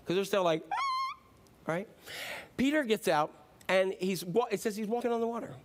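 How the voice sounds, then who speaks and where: Male pastor, high voice, casual sermon, playful storytelling. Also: a little fast.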